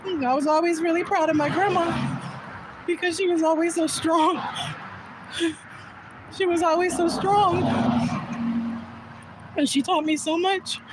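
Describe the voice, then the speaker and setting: Lady vlogging from her car, high voice, laughs a lot, loud road noise behind. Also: steady tone, measured pace, pauses often. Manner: candid, laughs often. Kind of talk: personal storytelling vlog.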